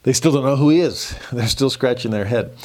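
A man giving a casual scripture lesson, animated and acting out the dialogue in quick voices. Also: medium pitch. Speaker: scripture teacher.

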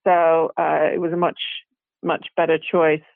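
Low, creaky and flat, the British actress talks a little slowly during a casual interview, wandering through her thoughts with frequent "you know"s, restarts and laughter. Dry, tinny call audio carries her voice with no room sound.

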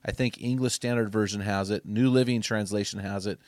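A middle-aged man giving a preaching-style podcast talk to men as ministry speaker and host, emphatic and exhortative, rising to loud punchy bursts. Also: lowish voice, steady tone, brisk, no room sound.

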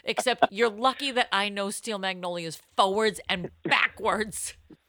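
A woman co-hosting a podcast, chatting playfully, yelling names for laughs and reading old newspaper columns aloud with wry comments. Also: medium pitch, unhurried, no echo. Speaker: podcast co-host. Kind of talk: casual comedic chat.

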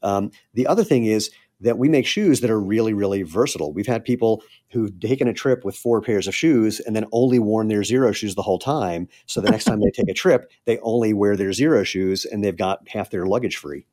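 Man, middle-aged, low voice, candid founder, earnest podcast guest. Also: a little fast, hardly any pauses, warm tone. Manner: candid, earnest, gets choked up. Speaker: shoe company founder, guest. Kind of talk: podcast interview.

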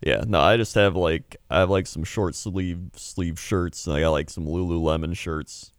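A man co-hosting a casual podcast chat, talking in a halting way with many fillers. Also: low-pitched, clean tone, no echo, studio quality. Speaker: podcast co-host.

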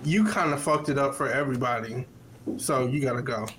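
A man co-hosting a podcast, giving blunt, relaxed opinions in casual chat. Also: medium pitch, brisk, slight background noise, rough recording. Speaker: podcast co-host.

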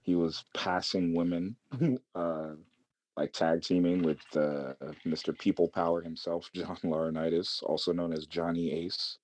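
A man's voice: deep voice, steady tone, unhurried, darkish tone. A man co-hosting a casual podcast, rambling and profane, often laughing between words. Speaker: podcast co-host.

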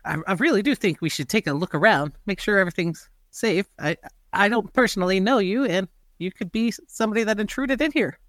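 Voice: mid-range voice, brisk, a bit bright, dry recording, clean studio sound. Stammering, insistent tabletop player. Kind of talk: casual tabletop play, partly in character.

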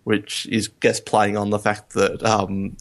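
A man co-hosting a podcast, chatting casually about a film, rambling and laughing, getting animated when amused. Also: lowish voice, slow. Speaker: podcast co-host. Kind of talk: casual film review chat.

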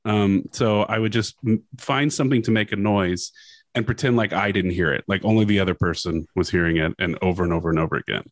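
A man's voice: sits low, fairly even intonation, fast talker, no room sound. A man co-hosting a casual podcast chat, rambling along and laughing often.

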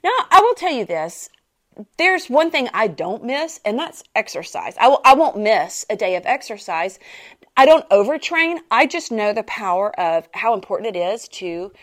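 A woman's voice: on the high side, very animated, moderate pace, a bit bright. A woman hosting a faith and fitness podcast. She is a personal trainer who tells a story in a chatty way, laughs often and repeats her phrases. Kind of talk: casual chat, storytelling.

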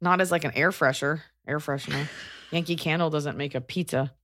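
Low-voiced woman giving wry advice. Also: a little fast, fairly bright tone, slight background noise. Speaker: podcast co-host. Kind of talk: casual chat.

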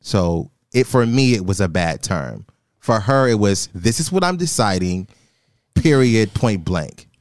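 Low-voiced man telling a story. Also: a little slow, no room sound, clean studio sound. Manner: animated, quotes himself in a raised voice. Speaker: guest telling his story. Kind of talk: casual storytelling chat.

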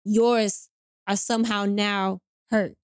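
A young woman telling a personal story in casual chat, animated, acting out both sides of the conversation with slang. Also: mid-range voice, slow, smooth, no room sound, clean studio sound. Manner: animated retelling with quoted voices and slang. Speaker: storyteller guest.

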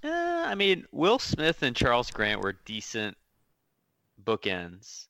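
A man's voice: medium pitch, big pitch swings, slow pace, creaky, pushed and bright, dry recording. A man co-hosting a casual sports rewatch, wry and jokey, given to mock quotes. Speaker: podcast co-host.

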